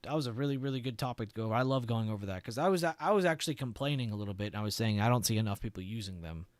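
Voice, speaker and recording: A man's voice: mid-range voice, racing, no room sound, studio quality. A young man hosting a live trading stream, chatting casually with viewers and walking them through charts. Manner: relaxed, chatty, swears and laughs, answers viewers.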